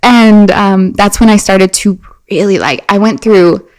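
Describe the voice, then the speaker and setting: A woman speaking as a podcast guest, her pitch sitting in an ordinary middle range. She talks in a loose, chatty way, leaning on fillers and restarting her sentences, and tells her stories with animation. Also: a little slow, low-quality recording. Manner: animated storyteller. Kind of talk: casual chat.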